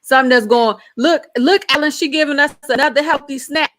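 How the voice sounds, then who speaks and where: Middle-aged woman cohost, playful and buzzing with energy, kinda high voice, chatty. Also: brisk. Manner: lively, excitable, playful. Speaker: co-host. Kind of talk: casual online show chat.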